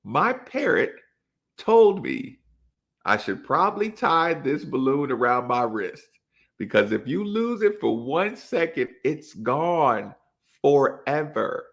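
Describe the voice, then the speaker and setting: A man hosting a casual chat, telling a story in an animated way, acting out quotes with big jumps in his voice. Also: fairly high pitch, gravelly. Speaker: podcast host.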